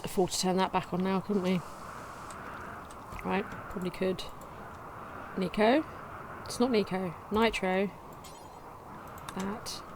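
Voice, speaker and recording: A woman casually commenting on her gameplay, reading game text aloud in a chatty way with sudden excited outbursts. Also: fairly low pitch, noisy background. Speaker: let's play gamer.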